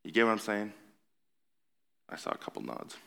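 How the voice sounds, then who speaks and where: A man's voice: lowish voice, sing-song, moderate pace, vocal fry, a bit bright. A man as a pastor, preaching a conversational sermon in a church and rising to earnest emphasis on his key points. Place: church sanctuary.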